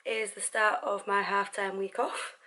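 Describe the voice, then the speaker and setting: A woman's voice: medium pitch, level tone, normal speed, pushed and bright. Chatty young woman vlogging at home. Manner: chatty, giggly and self-deprecating. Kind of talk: casual vlog chat to camera. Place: at home indoors.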